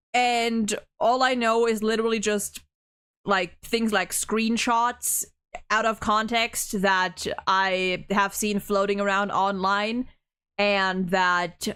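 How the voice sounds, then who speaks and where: A woman's voice: a little high, fairly bright tone, smooth. A young woman streaming a game, chatting casually with many restarts and fillers. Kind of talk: casual let's-play commentary.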